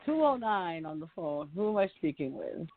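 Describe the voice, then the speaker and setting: A woman's voice: lowish voice, sing-song, normal speed, no room sound. A woman chatting casually and giggling often as she talks. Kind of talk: casual call-in chat. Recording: tinny phone line.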